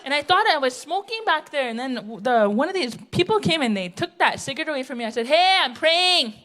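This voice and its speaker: A brash, grumpy, chain-smoking auntie, played by a woman on stage with a high voice, rambling through her grievances and chuckling at herself. It is a live comedy monologue in front of a theatre audience. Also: sing-song, a bit bright, a little hiss or hum. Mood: rambling indignant. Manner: rambling, indignant, quick to laugh at herself.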